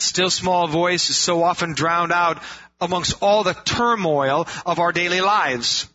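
A man's voice: sits high, measured pace, bright, forceful tone. A man preaching a sermon in an earnest way, asking rhetorical questions and repeating phrases for emphasis. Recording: dull lo-fi sound.

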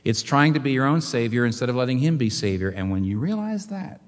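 A man delivers a sermon as a pastor, his pitch rising and falling in a lively, animated sweep. He presses his listeners with rhetorical questions. His voice rings out with the long reverb of a large hall. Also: brisk.

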